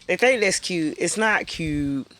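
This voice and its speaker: A woman's voice: fairly low pitch, lively intonation, measured pace, fairly bright tone. A woman guest on a podcast, talking frankly and emphatically in casual chat. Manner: frank, emphatic, repeats her point.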